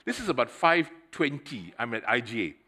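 A middle-aged man preaching a sermon, telling a personal story in a conversational, animated way and speaking straight to the congregation. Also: mid-range voice, normal speed, husky. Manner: conversational, addresses the congregation directly; animated storytelling with swings in loudness.

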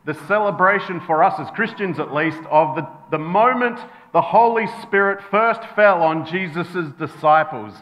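A man's voice: fairly high pitch, muffled recording. A male pastor preaching a sermon, telling a bedtime story and acting out the voices in it. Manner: storytelling, acts out voices in anecdotes.

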